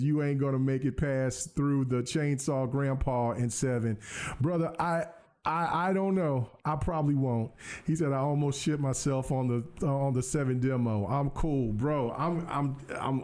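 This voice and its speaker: A man hosting a casual gaming podcast stream, talking excitedly to his viewers and hyping up his own gameplay. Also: medium pitch. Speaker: podcast host. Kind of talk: casual livestream chat while gaming.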